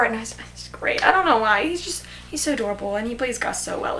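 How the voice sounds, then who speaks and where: A woman's voice: on the high side, a little fast, pushed and bright. A young woman casually reviewing a movie on her vlog, gushing and filling her talk with "like". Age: young adult. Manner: gushing, heavy "like" fillers. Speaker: vlogger.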